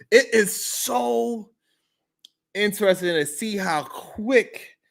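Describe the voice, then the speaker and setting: A man's voice: fairly high pitch, a bit bright. A man hosting a casual morning livestream, greeting viewers and laughing often. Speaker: morning show host.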